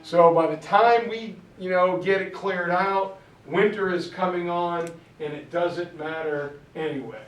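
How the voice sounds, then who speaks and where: A high-voiced man lectures on history with an animated storyteller's energy. His voice sounds roomy and a little distant from the mic. He slips in quick character voices for the people in his story. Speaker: history teacher. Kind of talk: lecture with acted-out quotes. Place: classroom.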